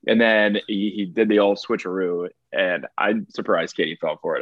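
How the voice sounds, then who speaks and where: A man's voice: sits low, steady tone, normal speed, no echo, muffled recording. A young man in casual chat, laid-back, swearing and laughing often. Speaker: podcast co-host.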